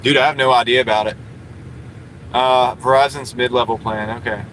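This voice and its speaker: A man's voice: medium pitch, fairly even intonation, normal speed, fairly bright tone, a little hiss or hum, poor audio. Chatty man livestreaming from his car. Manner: rambling and chatty, many fillers. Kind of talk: casual live stream chat reading comments.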